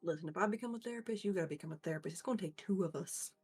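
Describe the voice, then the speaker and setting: A woman's voice: fairly low pitch, rapid-fire, darkish tone, slightly rough, faint music behind. A woman chatting and joking as a player in a tabletop game. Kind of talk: casual chat in a tabletop game.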